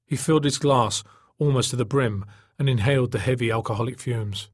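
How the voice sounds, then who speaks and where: A man reading a novel aloud in steady, measured narration. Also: medium pitch, no echo. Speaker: audiobook narrator. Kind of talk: scripted narration.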